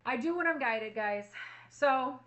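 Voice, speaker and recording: A woman's voice: high voice, expressive, unhurried, a bit bright, poor audio. A woman reading tarot cards for her viewers, earnestly reassuring them and repeating affirmations. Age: adult with a child at home. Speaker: tarot reader.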